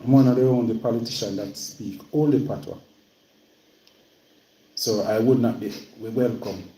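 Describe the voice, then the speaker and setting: A man's voice: medium pitch, steady tone, moderate pace, warm tone. Jamaican guy on a live stream, roomy echoey sound, talks straight and repeats himself. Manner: plain-spoken, repeats himself when stirred. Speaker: livestream host. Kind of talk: casual livestream talk.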